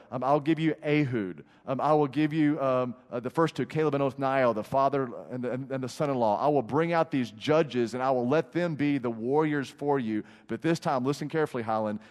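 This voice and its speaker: A male pastor preaches to his congregation, pressing his points through repetition and well-timed pauses. His voice sits at an ordinary pitch and carries a long reverb from the large church room. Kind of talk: sermon.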